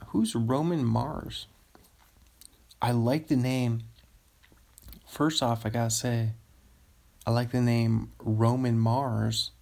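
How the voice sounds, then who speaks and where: A man hosting a solo podcast late at night, rambling loosely and getting loopy, with sudden excited bursts and laughter. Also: mid-range voice, vocal fry. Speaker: podcast host.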